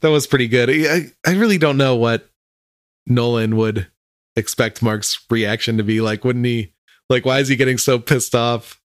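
A man co-hosting a casual podcast chat, laid-back and agreeable, thinking out loud about the plot. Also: mid-range voice, moderate pace, no room sound, studio quality. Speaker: podcast co-host.

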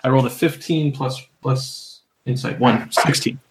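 A man's voice: medium pitch, moderate pace, very noisy. A man playing a tabletop game, chatting casually in a rambling way. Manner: rambling, laughs often. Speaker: player.

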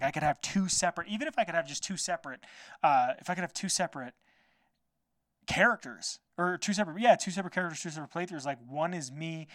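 Fast-talking, rambling male podcast host. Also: fairly high pitch, no room sound. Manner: rambling, loose, swears, lots of "like" fillers. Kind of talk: casual solo podcast chat.

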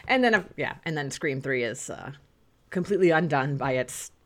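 Low-pitched female podcast host, casual and rambling, quick to laugh. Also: animated, fairly bright tone. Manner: chatty, laughs often, lots of fillers. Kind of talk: casual chat.

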